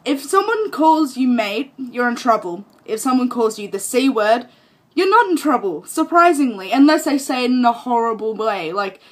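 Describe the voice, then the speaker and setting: A woman's voice: on the high side, expressive, moderate pace. A young woman from Australia with an Australian accent, chatting casually to camera in a rambling, self-amused way. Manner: chatty and rambling, laughs at herself. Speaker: vlogger.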